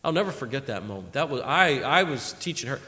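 A man preaching a sermon, animated and emphatic, acting out conversations as he teaches from scripture. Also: mid-range voice, fast talker. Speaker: preacher teaching a Bible passage. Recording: long reverb of a large hall.

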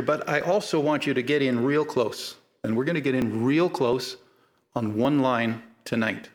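A man preaching a sermon to a live congregation, talking casually with humor and building to emphatic repeated phrases. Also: medium pitch. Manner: conversational, building emphatic repetition.

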